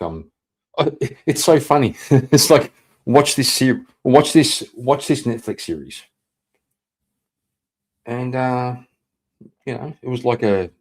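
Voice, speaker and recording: Rambling, laughing male livestreamer. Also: medium pitch. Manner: rambling, laughing and swearing, with sudden loud excited outbursts. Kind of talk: casual livestream chat reading viewer messages.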